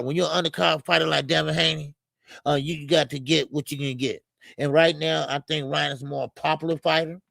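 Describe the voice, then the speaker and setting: A man's voice: fairly high pitch, gravelly, fairly bright tone, no room sound. A man hosting a boxing live stream in a casual, rambling way, with many fillers as he reads out super chats. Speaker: boxing show host.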